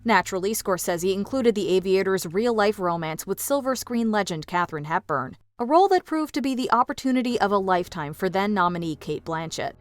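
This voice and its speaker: A woman giving polished, even, scripted narration for a film countdown. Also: medium pitch, brisk, hardly any pauses, dry recording, soft background music.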